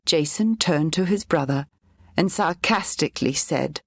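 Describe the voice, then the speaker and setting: A woman reads a children's storybook aloud in a clear, even narrating voice. Her voice sits on the low side, and the recording is dry and close. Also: a little slow, no room sound.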